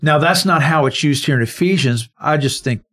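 A man's voice: a little high, moderate pace, fairly bright tone. A man co-hosting a conversational Bible study, explaining verses and stressing single words. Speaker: Bible teacher and co-host.

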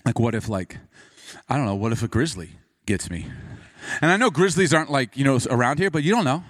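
A man preaching from the pulpit, spinning a personal story with a voice that leaps up and drops down. His pitch sits in an ordinary middle range, but he never stays flat for long. He pokes fun at himself, then grows soft and earnest when he turns to scripture. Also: brisk. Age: adult. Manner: animated, self-deprecating storyteller who turns quiet and earnest for scripture. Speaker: pastor.

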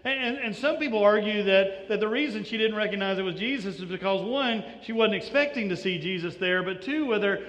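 High-voiced pastor preaching in a hall. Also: male voice, brisk, few pauses. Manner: animated storytelling, many restarts. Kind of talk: sermon. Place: church. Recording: reverberant church hall.

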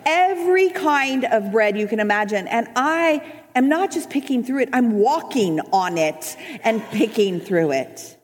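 Lively woman telling a testimony. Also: a little high, measured pace, hardly any pauses. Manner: animated, emotional storyteller. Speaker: speaker at a church service. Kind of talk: personal testimony storytelling. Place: church hall. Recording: reverberant church hall.

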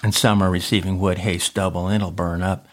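A man preaching on a podcast through a personal story, animated and chuckling often as he tells it. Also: low-pitched, a little fast.

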